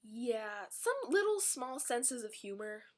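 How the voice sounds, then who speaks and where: Woman, fairly high voice, sarcastic, rambling, chatty movie review vlog. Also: very animated, slow pace.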